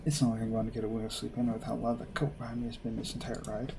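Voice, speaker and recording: A man reading a visual novel aloud and adding wry, deadpan asides. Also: medium pitch, very fast, vocal fry, noisy background. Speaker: gamer playing a visual novel.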